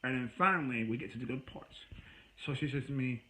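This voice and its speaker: A man vents into the camera about a breakup, his mid-pitched voice worn out and weary. He rambles and sighs, then flares into angry outbursts. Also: a little fast, sharp tone, low-quality recording. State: tired. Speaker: vlogger. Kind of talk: venting personal story to camera.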